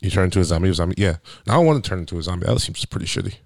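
Fast-talking deep-voiced man rambling. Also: lively intonation, creaky, no echo, clean studio sound. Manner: rambling, profane storytelling full of "like". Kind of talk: casual podcast chat.

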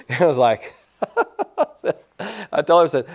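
A man's voice: on the high side, slow pace. A man preaching a sermon to his congregation in church, folksy and rambling, breaking off for asides to people in the pews. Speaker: pastor.

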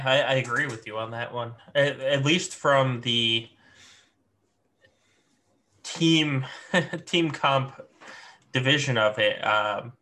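A man's voice: medium pitch, bright, forceful tone. A man co-hosting a gaming podcast, chatting casually in an easygoing, rambling way with lots of fillers. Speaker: podcast co-host.

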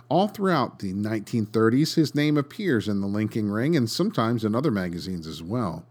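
Male podcast host, lowish voice, dry wry scripted narration. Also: darkish tone. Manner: dry, wry, sarcastic asides.

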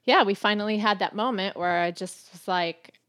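A woman's voice: medium pitch, normal speed, a bit bright, no room sound, studio quality. A woman co-hosting a casual faith-based talk about marriage with her husband, speaking earnestly and reflectively and laughing often. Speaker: podcast co-host, wife.

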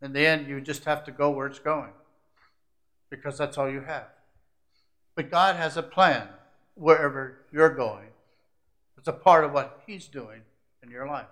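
Male preacher, higher voice, bright and forceful; moves between hushed asides and building climaxes. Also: a little slow, pauses often. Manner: swings from hushed, confiding asides to rising, emphatic climaxes; repetitive, building lists of short phrases. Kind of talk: sermon.

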